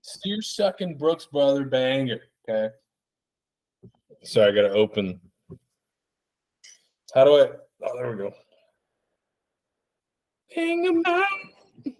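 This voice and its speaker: Tipsy male podcaster, ranting solo, swears freely, loose and jokey, average pitch. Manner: rambling, profane, jokey. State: tipsy from drinking beer. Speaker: podcast host. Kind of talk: solo casual podcast rant.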